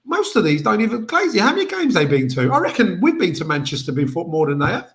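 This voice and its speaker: A man's voice: high-pitched, wildly swooping pitch, fast talker, fairly bright tone. A man, co-hosting a casual football chat show and arguing his points emphatically, often repeating himself. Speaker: podcast co-host.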